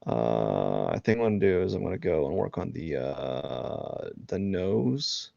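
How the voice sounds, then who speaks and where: A man with a low, gravelly voice chats while he draws on a live stream, his pitch swinging lively. He rambles and mocks himself with many fillers. The audio is a bit dull and dry. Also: measured pace, dry recording. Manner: rambling, filler-heavy, self-mocking. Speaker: artist live-streaming a drawing session. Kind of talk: casual chat while drawing.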